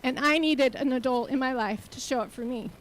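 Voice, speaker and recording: Speaking a little fast, a high-pitched nonprofit CEO delivers an earnest motivational talk from a conference stage microphone. She keeps asking the audience rhetorical questions, pushing them to commit, and the audio quality is poor.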